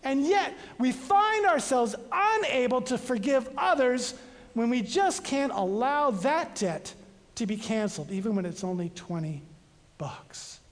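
A preacher giving a sermon, reading scripture dramatically with sudden swings between loud and soft, and breaking off for casual asides to the congregation. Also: mid-range voice, expressive, a little slow. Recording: long reverb of a large hall.

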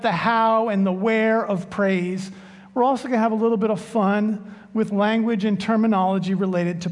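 A man preaching a sermon as pastor, telling a joke in a relaxed, unhurried way before the scripture reading. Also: high-pitched. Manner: unhurried, joking storyteller. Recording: long church reverb.

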